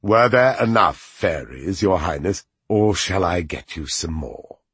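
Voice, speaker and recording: A man voicing a scheming courtier who fawns over his master, low and husky. His delivery is close and dry. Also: expressive, measured pace, a bit bright, no room sound, heavily acted. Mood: fawning. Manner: smooth and obsequious. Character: fawning scheming male courtier. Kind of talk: audiobook character voice.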